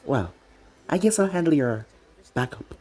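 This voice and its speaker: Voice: mid-range voice, big pitch swings, a little slow, dark tone, breathy edge. A narrator reading a fan-fiction story, voicing a sneering, snake-like male villain ninja with a mocking, taunting manner.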